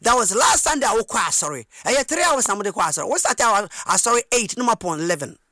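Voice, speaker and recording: A man preaching a sermon, passionate, rising from plain speech into shouted and sing-song phrases. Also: sits high, very animated, quick pace, soft background music. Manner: impassioned, switching between shouting and sing-song cadence.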